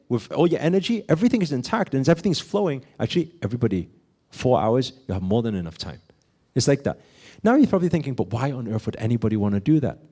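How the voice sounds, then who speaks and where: A man delivers a motivational talk to a crowd with a voice that swings high and low. He fires questions at the audience and acts out small back-and-forth exchanges, sprinkling "right?" and "okay?" everywhere. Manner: animated, asks the audience many questions, acts out little dialogues. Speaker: spiritual teacher.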